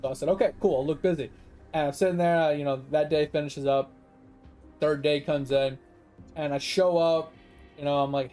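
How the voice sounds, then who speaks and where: A man's voice: a little high, a little fast, faint music behind. A man streaming a game who tells a long, rambling story, acting out the people in it and swearing freely. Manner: rambling, animated, quotes people in dialogue, swears. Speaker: gaming streamer. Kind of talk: casual storytelling while gaming.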